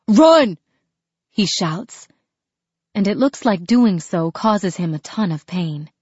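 A woman's voice: medium pitch, darkish tone, dry recording. Woman narrator, tense first-person audiobook read, dry close mic, slightly dull lo-fi sound. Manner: tense, dramatic storytelling.

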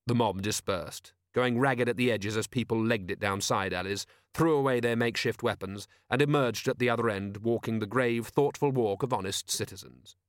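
A male narrator reading an audiobook in a measured, wry way. His voice sits at a middle pitch. The recording is dry and close. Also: no echo. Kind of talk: scripted narration.

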